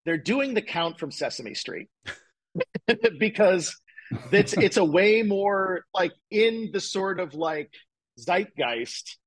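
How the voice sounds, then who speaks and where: A man with a somewhat higher, husky voice, chatting as a podcast guest. He rambles enthusiastically, stringing thoughts together with lots of fillers. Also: animated, slow pace, rough recording. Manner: rambling, enthusiastic, many fillers like "like" and "you know". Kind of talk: casual chat.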